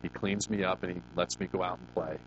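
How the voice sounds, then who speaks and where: A man's voice: low voice, little pitch movement, fairly quick, lo-fi sound, background noise. A middle-aged man preaching to a congregation in a conversational, storytelling way, often asking them questions. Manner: folksy personal storytelling. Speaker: pastor. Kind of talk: sermon.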